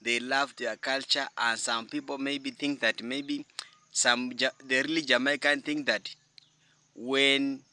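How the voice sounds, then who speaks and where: A man hosting a reaction video, speaking in an earnest, halting way. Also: medium pitch, little pitch movement, pushed and bright, no echo. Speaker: reaction channel host.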